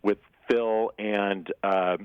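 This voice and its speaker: A man who is an actor guest in a casual interview, rambling with many restarts and quick chuckles. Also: on the low side, steady tone, clear, resonant tone, no echo, dull audio.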